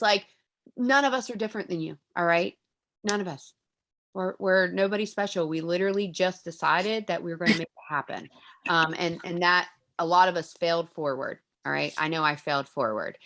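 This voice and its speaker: A woman's voice: sits low, fairly bright tone. A woman leading a team video call, giving earnest, pleading encouragement. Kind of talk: motivational talk on a Zoom call.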